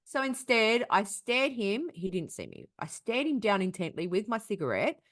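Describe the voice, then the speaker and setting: A young woman tells a story on a casual podcast, swearing freely as she goes. Her pitch swings widely and expressively, in a relaxed conversational tone. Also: moderate pace. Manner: animated, profane storytelling. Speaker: podcast co-host. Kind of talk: casual chat.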